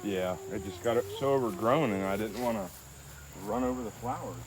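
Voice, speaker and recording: A man's voice: lowish voice, normal speed, heavy background noise. A man talking casually on a family vlog, playfully teaching his toddler colors outdoors on a homestead. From West Georgia, USA. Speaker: father and homestead vlogger.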